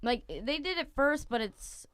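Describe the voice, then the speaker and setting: Lively, blunt woman co-host. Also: high-pitched, unhurried, no echo, studio quality. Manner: blunt, teasing. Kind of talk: casual comedic banter.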